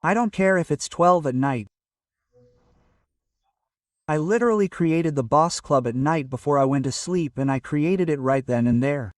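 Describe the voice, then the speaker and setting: A man's voice: a little high, normal speed, long pauses, no room sound, studio quality, recorded from a distance. A man giving an earnest, casual motivational talk to camera and often checking in with "okay?". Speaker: motivational vlogger. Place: at home early in the morning.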